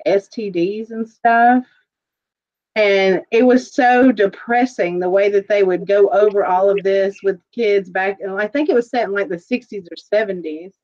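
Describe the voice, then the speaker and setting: A chatty woman hosting a casual livestream jewelry auction, laughing easily and talking her way through each item with plenty of "um" and "like". Her voice sits at an ordinary middle pitch, and the audio is dull and lo-fi, like a home stream. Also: darkish tone. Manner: chatty, laughs often, describes items with many fillers. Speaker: host of an online jewelry sale auction.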